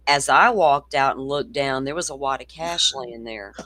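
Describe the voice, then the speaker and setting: A woman's voice: extremely low pitch, moderate pace, a bit bright. A woman with a Southern accent hosting a casual true-crime chat, blunt and salty, swearing freely. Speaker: host.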